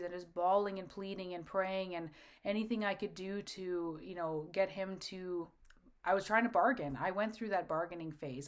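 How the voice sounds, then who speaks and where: A middle-aged woman telling her own story to camera in a candid, earnest way. Her voice sits somewhat low for a woman. She talks loosely, with fillers and restarts, like someone confiding in listeners. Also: normal speed. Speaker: host. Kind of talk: personal testimony to camera.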